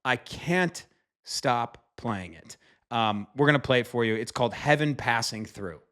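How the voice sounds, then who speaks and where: A man's voice: mid-range voice, lively intonation, unhurried. A man casually reviewing an album, talking enthusiastically in a rambling way with frequent fillers and casual swearing. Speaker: music reviewer.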